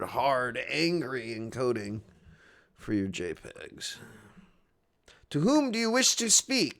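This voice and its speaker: A man playing a game live, joking and rambling as he reads the on-screen text aloud. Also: on the low side. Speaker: game streamer.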